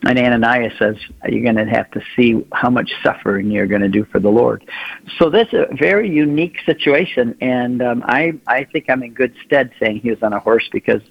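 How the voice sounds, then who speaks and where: A man with a husky, breathy voice tells stories as a radio guest, lively and full of acted-out quotes. The sound is a little dull, like a muffled radio broadcast. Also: medium pitch, fairly quick. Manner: animated storyteller, acts out quoted voices. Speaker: guest, pilgrimage leader. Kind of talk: radio interview storytelling.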